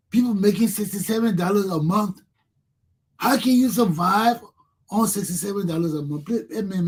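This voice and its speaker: A man's voice: high voice, darkish tone, breathy edge. A man with a Liberian English accent hosting a talk show, giving impassioned political commentary and repeating himself as he addresses his listeners.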